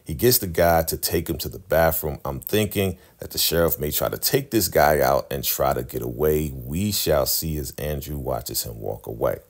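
A man's voice: extremely low pitch, normal speed, few pauses. A man casually recapping a TV episode in a chatty, conversational way as a vlogger.

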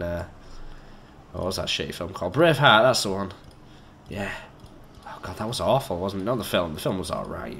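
A man's voice: deep voice, fairly bright tone, a little hiss or hum. A man giving let's play commentary, chatty and joking, swearing and talking to himself as he builds. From Britain. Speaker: gamer.

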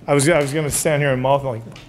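A man's voice: mid-range voice, fairly even intonation, racing, a little hiss or hum. A man doing a brash, boisterous, profane comic weather forecast in a sketch rehearsal outdoors. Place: outdoors on a street curb.

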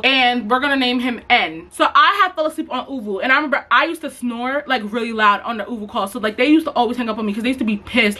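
A young woman rattles off a storytime vlog at a quick clip, her voice bright and sharp and pitched a little high. She is chatty and dramatic, swears freely and keeps talking straight to her viewers while she works on her hair. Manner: profane, chatty and dramatic, addresses viewers as y'all. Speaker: beauty vlogger. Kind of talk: casual storytime while installing a wig.

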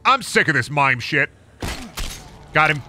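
Lively, bright young man streaming a game. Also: a little high, measured pace, a little hiss or hum. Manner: rambling, joking, profane asides. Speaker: gaming streamer. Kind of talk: casual game-stream commentary.

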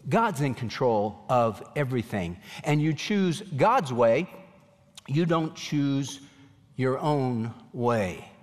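A man preaching a sermon as a pastor, animated, voicing God's questions in a pleading tone. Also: mid-range voice, takes it slowly, long reverb tail.

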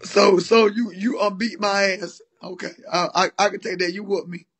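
Male host, high voice, teasing and mock-concerned. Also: fairly even intonation, normal speed, a bit bright, husky. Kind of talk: casual chat.

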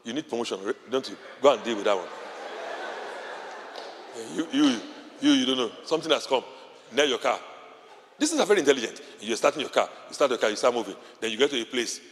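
Man preaching, really animated, swings high and low, stories and shouting, big echoey church. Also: fast talker, long pauses. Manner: animated, storytelling with sudden shouts and laughs. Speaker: pastor. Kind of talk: sermon. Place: large church hall. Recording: long hall reverb.

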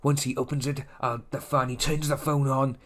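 A shady private eye in a turned-up trench coat speaks low and hushed, as a man puts him on, sly and scheming like a cartoon villain's hired help. The voice sits well below an ordinary speaking pitch and stays quiet throughout. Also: flat delivery, moderate pace, close to an everyday voice.

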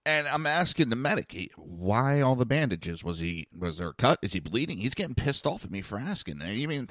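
A man telling a story on his own talk show, blunt and animated, his pitch swinging widely as he acts out the other people. His voice is bright and forceful, and the recording is dry and close. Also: normal speed, no room sound. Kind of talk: casual storytelling monologue.

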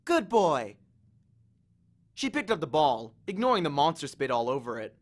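A man reading a novel aloud in an expressive storytelling manner. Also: fairly high pitch, a little fast. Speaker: audiobook reader.

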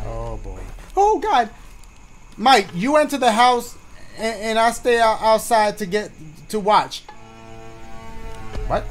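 Man, high voice, very animated, jokey let's-play commentary, nervous mutters, faint music behind. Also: unhurried. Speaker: gaming YouTuber.

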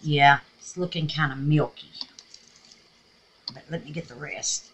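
A woman's voice: sits low, a little slow, fairly bright tone, breathy edge, dull audio. Chatty Southern woman with a scratchy voice. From Mississippi, USA. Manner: chatty, talks to herself and calls viewers babies. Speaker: craft vlogger. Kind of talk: casual crafting tutorial chat. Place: home craft room with air purifier.

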